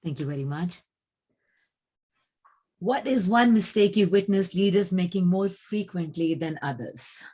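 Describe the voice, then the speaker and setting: A woman's voice: on the low side, measured pace, pauses often, warm tone, husky. A woman moderating a chat, politely asking short questions. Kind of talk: interview questions.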